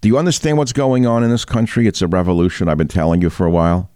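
A man's voice: low voice, fairly even intonation, rapid-fire, a little mellow, clear, resonant tone, no room sound, clean studio sound. A man hosting a talk show, delivering combative, indignant news commentary and firing rhetorical questions at the listener. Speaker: talk radio host.

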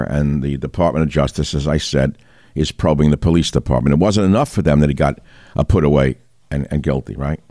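Deep low guy doing angry talk radio news rant, keeps asking the listener questions, dry sound. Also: a little mellow, dry recording. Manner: combative, indignant ranting; asks the listener rhetorical questions. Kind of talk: opinionated news commentary.

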